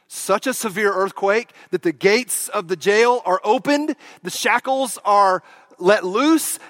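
A man preaching a sermon, telling the story with animated swings from loud bursts to hushed lines. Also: high voice, no echo.

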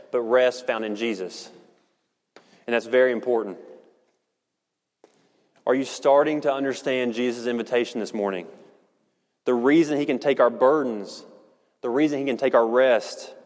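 Earnest man preaching in reverberant hall. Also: medium pitch. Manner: earnest, measured, slows for emphasis. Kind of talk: sermon. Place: church sanctuary.

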